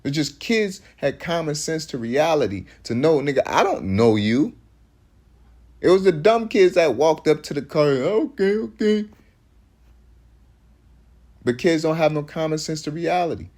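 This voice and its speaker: A man's voice: a little high, lively intonation, normal speed, few pauses, a little mellow. A man, preaching in loose street talk that rambles, restarts often and hits points with emphasis.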